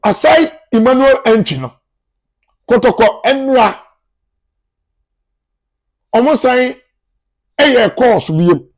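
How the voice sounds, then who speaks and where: A man with a Ghanaian accent hosting his own sports news channel. He gives football transfer updates in a chatty, animated way and talks to his viewers as if they were family. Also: extremely high pitch, takes it slowly, long pauses. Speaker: sports journalist, YouTube channel host.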